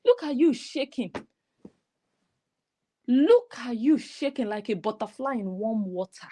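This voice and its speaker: A woman's voice: a little high, lively intonation, unhurried, warm tone. Mocking woman commentator. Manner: mocking and scolding. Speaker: online commentator. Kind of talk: reaction commentary.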